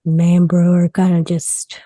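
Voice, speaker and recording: A woman with a soft Southern US accent speaks in a deep, low voice. The recording is close and dry, and she reacts with quick, teasing one-liners. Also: monotone, dry recording. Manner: short reactive quips, teasing. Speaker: podcast co-host. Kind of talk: casual chat.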